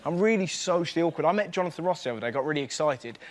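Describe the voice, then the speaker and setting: High-voiced man doing stand-up. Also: animated, racing, a little hiss or hum. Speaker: stand-up comedian. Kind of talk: stand-up set.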